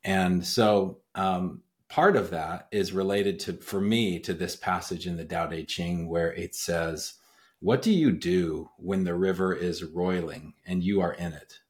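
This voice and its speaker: A man with a very low, deep voice talks in a laid-back podcast conversation. He muses and tells stories in a rambling, reflective way, full of ums and pauses. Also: a little mellow. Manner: reflective, rambling storyteller with many fillers. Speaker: podcast host. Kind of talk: casual conversation.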